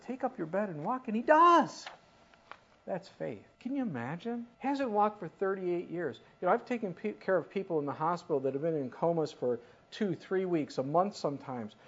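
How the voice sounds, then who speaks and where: A preacher delivering a sermon, with a voice that climbs and falls across a wide range as the points land. The delivery is animated, full of questions thrown out to the congregation. The recording is dull and lo-fi. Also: mid-range voice, husky. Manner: animated, asks the listeners questions.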